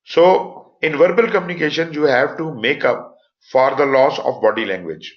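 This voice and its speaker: A man's voice: on the high side, normal speed. Pakistani-accented man teaching online, lo-fi audio. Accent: Pakistani English. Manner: explanatory, stresses points with voice inflections. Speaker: instructor. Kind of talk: live online lecture. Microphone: computer mic for online class.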